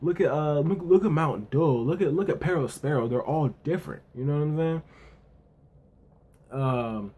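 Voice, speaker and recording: Speaking at normal speed in a breathy voice on the high side, this anime and manga reviewer rambles through a casual recap. Fillers and repetition run throughout, and now and then he lightly raises his voice to play characters' lines.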